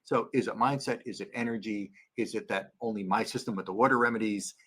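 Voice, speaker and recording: A man's voice: quick pace, slightly rough. A man guesting on a podcast over a video call, telling stories with eager enthusiasm. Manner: animated storyteller, acts out quotes in a high voice. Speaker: chiropractor guest.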